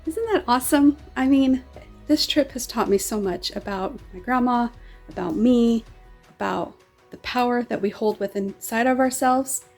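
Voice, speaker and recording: A woman's voice: on the high side, normal speed, a little mellow, soft background music. A woman vlogger talking casually and enthusiastically to her viewers. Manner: enthusiastic and chatty.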